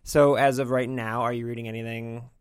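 A man's voice: medium pitch, flat delivery, fairly quick, clean tone. A man hosting a podcast in casual chat, rambling and self-deprecating, laughing often. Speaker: podcast host.

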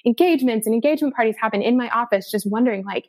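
An author from Denver, USA, guests on a podcast and tells her story in a chatty, casual way, full of "um" and "like." Her voice is fairly high and a bit dark in tone, and she talks rapid-fire.

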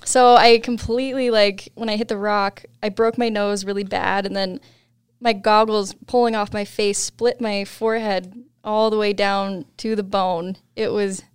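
A young woman guest on a podcast, telling a story in casual chat, laughing often and animated when quoting others. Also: mid-range voice, moderate pace, smooth, dry recording, studio quality.

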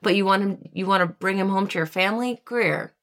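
A woman's voice: mid-range voice, fairly quick, a bit bright. A woman co-hosting a casual recap chat, gossipy and sarcastic. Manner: sarcastic, gossipy, quotes people in mock voices. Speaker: podcast co-host.

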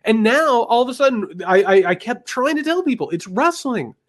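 A man co-hosts a heated political podcast, his voice pitched high for a man. He talks in emphatic bursts of outrage that drop into low, grim asides. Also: animated, moderate pace. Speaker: podcast co-host, political commentator.

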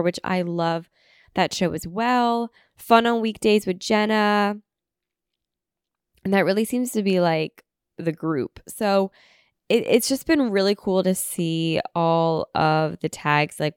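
A woman's voice: medium pitch, smooth, no echo, studio quality. A young woman hosting a podcast in a casual, chatty way, sounding a little congested as she gets over an illness. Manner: chatty, uses "like" and "um" often. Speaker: podcast host.

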